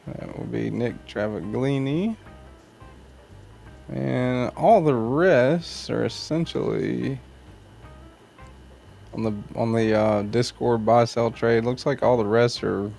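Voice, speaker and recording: Hosting a knife channel livestream, a man reads comments aloud and greets viewers by name in a laid-back, rambling way. His mid-range voice is gravelly, darkish and slow, with frequent pauses over faint background music.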